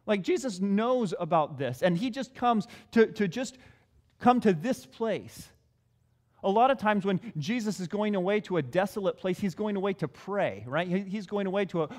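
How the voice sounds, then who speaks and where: A man's voice: high-pitched, in a large hall. A male pastor preaching a sermon in a conversational way, repeating his key phrases.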